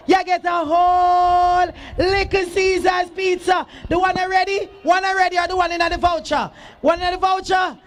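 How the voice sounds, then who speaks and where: Very high-voiced shouting Jamaican man. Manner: shouting, sing-song, teasing the crowd. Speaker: event emcee. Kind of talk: loud hype announcing at a school sports day. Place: outdoor school sports field.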